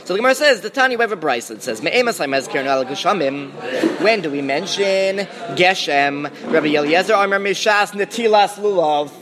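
Man teaching a Talmud class, slightly high voice. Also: expressive, fairly quick, a crowd in the background. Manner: thinking aloud with restarts and Hebrew-Aramaic terms.

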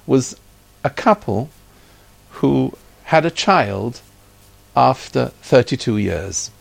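A man's voice: fairly low pitch, vocal fry. A man telling a story from his own life, acting out the dialogue and sprinkling in Yiddish and Hebrew terms. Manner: acts out quoted dialogue, lively retelling.

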